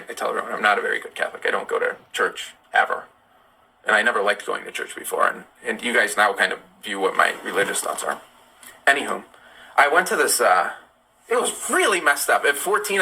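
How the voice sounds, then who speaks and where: A man's voice: mid-range voice, bright, forceful tone, low-quality recording. A young man hosting a live stream, chatting casually and telling personal stories with candid asides. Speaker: livestream host. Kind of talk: casual live chat and storytelling.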